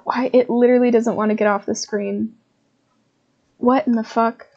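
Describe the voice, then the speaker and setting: A woman's voice: on the high side, little pitch movement, moderate pace, mellow, dull audio. A woman streaming a horror game, swearing and laughing at her own scares as she comments. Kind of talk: live gameplay commentary.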